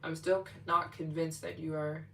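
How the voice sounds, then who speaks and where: A woman's voice: sits low, level tone, normal speed, gravelly, bright, forceful tone. Gushing woman livestreaming, distant mic. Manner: gushing, emotional thanks to donors. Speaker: livestream host. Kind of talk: casual livestream chat. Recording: distant mic with faint hum.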